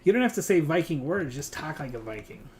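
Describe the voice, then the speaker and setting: A man's voice: a little high, big pitch swings, a little fast, a little hiss or hum. A man streaming a hunting game, chatting casually and teasing a friend with lots of fillers. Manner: rambling and teasing, with frequent fillers. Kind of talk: casual gaming stream chat.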